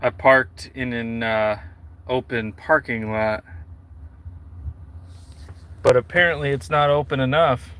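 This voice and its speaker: A man's voice: mid-range voice, slow pace, long pauses, fairly bright tone, clear, resonant tone. A man talking casually on a live stream from his parked truck at night, rambling with dry, self-mocking asides.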